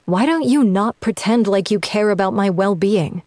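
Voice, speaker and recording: A man's voice: high-pitched, fairly even intonation, normal speed, vocal fry, a little mellow, no echo, studio quality, voice pushed up. A man reading an audiobook-style story, putting on the voice of a sarcastic, tipsy young woman who answers with biting exasperation. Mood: exasperated. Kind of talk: audiobook narration.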